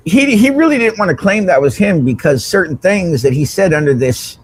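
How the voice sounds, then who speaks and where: A man on a live-stream panel argues combatively and profanely. His voice is high and swings widely in pitch as he accuses. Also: animated, brisk, slightly rough. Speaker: panel guest. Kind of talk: confrontational live-stream argument.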